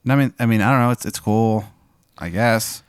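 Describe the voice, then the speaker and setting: A man's voice: lowish voice, normal speed, smooth, dry recording, studio quality, close to an everyday voice. A man voicing a hesitant, unimpressed girlfriend in an improvised scene. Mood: unsure.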